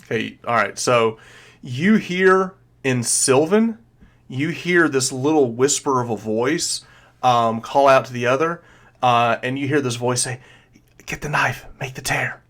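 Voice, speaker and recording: A man at mid pitch runs a tabletop session as game master. He rambles through scene descriptions, padding them with ums and likes. His delivery stays casual. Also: measured pace, a bit bright. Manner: rambling, filler-heavy descriptions.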